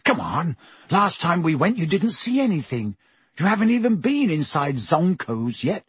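A man's voice: fairly high pitch, sing-song, normal speed, fairly bright tone, husky, no room sound, voice pushed up, exaggerated voice. A male narrator voicing a stubborn, hot-tempered teenage boy who talks bluntly and grumbles. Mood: coaxing.

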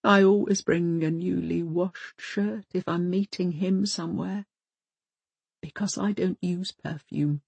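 A woman's voice: lowish voice, steady tone, measured pace, creaky, a little mellow, slightly rough, dry recording, heavily acted. A woman reading an audiobook voices a prim, fussy older wife who speaks in precise, insistent, formal phrases. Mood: hurt.

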